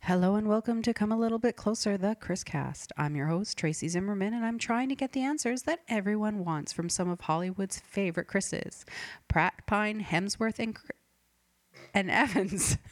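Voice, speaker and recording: A woman's voice: medium pitch, moderate pace, dry recording. A woman hosting a comedy podcast, rambling and forgetful, cutting herself off mid-thought. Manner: rambling, self-interrupting, forgetful. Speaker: podcast host. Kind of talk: deadpan comedic podcast monologue.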